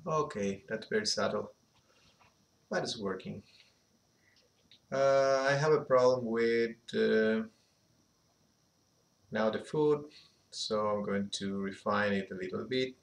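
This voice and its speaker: A man giving an unhurried animation software tutorial, thinking aloud as he works, with a slight phrasing. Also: fairly low pitch, gravelly. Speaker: animation instructor. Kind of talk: screen-recorded software tutorial.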